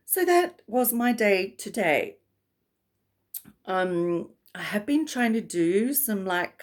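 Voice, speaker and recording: A woman vlogger talking casually to camera, rambling and chatty, breaking into laughs often. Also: medium pitch.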